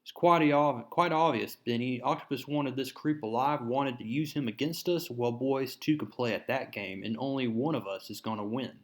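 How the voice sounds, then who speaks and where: A gruff, bossy comic book mob boss, barking orders and making threats in a mid-pitched male voice, as a man reads his lines aloud. The delivery stays close to an ordinary speaking voice. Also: moderate pace, hardly any pauses, lightly acted. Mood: menacing. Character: gruff gangster boss, grown man, menacing.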